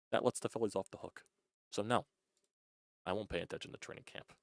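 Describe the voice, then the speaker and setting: A young man vents in a loose, frustrated fan rant, restarting words and swearing as he goes. His voice sits very low. The recording is dry and close, with no room echo. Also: steady tone, brisk, gravelly, pauses often. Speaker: sports channel host.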